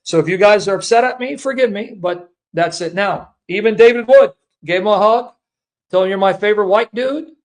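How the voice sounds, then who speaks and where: A man's voice: high-pitched, normal speed. A man speaking earnestly and emotionally to his viewers, a Christian apologist who repeats himself and calls them brethren. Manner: earnest, repetitive, addresses listeners as brethren.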